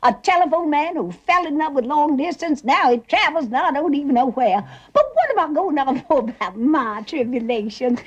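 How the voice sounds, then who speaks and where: A woman's voice: high-pitched, expressive, normal speed, hardly any pauses, highs cut off. An actress playing a faded, chattering Southern belle mother, middle-aged, with a Southern accent and a gushing, theatrical way of talking. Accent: American Southern. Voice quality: gushing, theatrical, breathy laughs. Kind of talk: stage drama acting.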